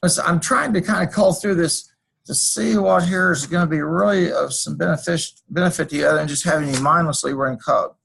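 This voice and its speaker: A man's voice: on the high side, fairly quick, vocal fry, fairly bright tone, husky, low-quality recording. A man teaching a class over a screencast, walking through code and drifting into folksy personal stories. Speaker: college instructor. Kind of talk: screencast lecture.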